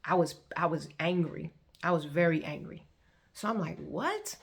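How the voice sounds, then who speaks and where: A woman tells her personal testimony. Her voice sits low with a gravelly, fry-edged texture. She talks conversationally and gets animated when she quotes other people. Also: moderate pace. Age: 30s. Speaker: testimony vlogger.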